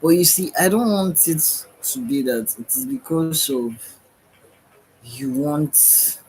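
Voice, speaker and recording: A man with a fairly high, expressive voice and a darkish tone speaks slowly on a low-quality recording with slight background noise. He's a tired livestream host who yawns through a meandering spiritual monologue, searching for words and often saying "right?"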